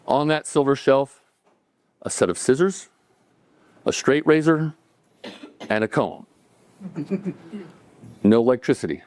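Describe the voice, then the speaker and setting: A middle-aged man telling a personal story to a live audience, relaxed and conversational, with chuckles and acted-out quotes. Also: medium pitch, slow, long pauses.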